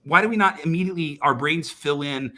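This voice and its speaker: A man's voice: on the high side, fairly quick, pushed and bright. A man as a podcast guest, telling a sales story with emphasis, often repeating words and restarting sentences, heard over a video call. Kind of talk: animated storytelling in a podcast chat.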